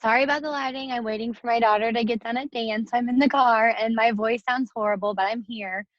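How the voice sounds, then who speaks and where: A woman talking on a video call from her car, earnest and emotional with halting restarts. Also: on the high side, fairly even intonation, no echo. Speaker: team member sharing on a call. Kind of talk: casual group video call. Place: parked car. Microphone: phone or laptop on a video call. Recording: dull dry call audio.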